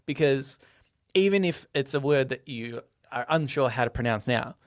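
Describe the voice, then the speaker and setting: A man co-hosting a podcast in casual chat, telling stories haltingly and laughing often. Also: medium pitch, dry recording, clean studio sound. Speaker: podcast co-host.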